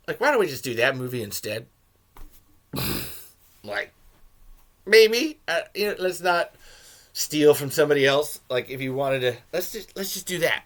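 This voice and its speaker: A man hosting a podcast, giving a rambling, casual film commentary with swearing and sudden shouted jokes. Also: fairly high pitch, lively intonation, measured pace, pauses often. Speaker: podcast host reviewing a film.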